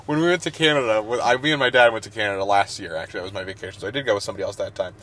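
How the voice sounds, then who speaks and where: A man's voice: on the low side, very fast. A man co-hosting a podcast in casual chat, telling stories with jokey asides. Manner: animated storyteller, jokey asides. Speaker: podcast co-host.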